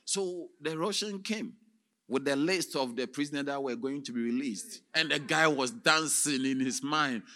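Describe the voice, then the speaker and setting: A man preaching as a theatrical storyteller, with sudden shouts and sound effects. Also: medium pitch, normal speed. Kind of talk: dramatic sermon storytelling.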